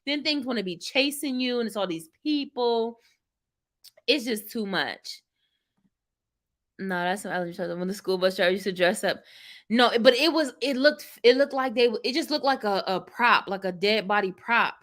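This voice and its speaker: A young woman vlogger telling a story casually to her live chat, lively and laughing as she acts out what she said. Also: fairly high pitch, normal speed. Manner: animated, laughing, dramatic retelling with quoted exclamations.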